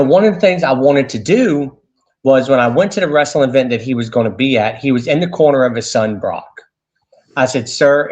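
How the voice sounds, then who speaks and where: A man tells his stories in an animated way, with lots of "you know" and restarts. His voice sits in the middle range. The audio sounds a bit dull and lo-fi. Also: medium pitch. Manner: animated anecdotes with many fillers and restarts. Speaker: radio show host, interview guest. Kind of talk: casual storytelling interview.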